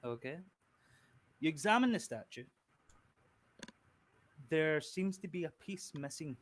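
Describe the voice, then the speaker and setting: Man, game master, relaxed halting narration, voice chat. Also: on the high side.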